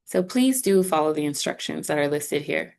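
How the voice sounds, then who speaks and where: Low-voiced woman walking an online class through its course steps. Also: animated, normal speed, vocal fry, a little mellow. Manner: conversational, upbeat, explaining step by step. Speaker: instructor voice for a sign language course.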